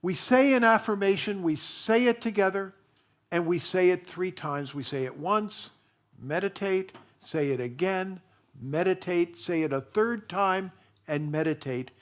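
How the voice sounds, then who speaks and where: A minister giving a sermon in a chatty storytelling way, full of fillers and restarts. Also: male voice, high voice, measured pace.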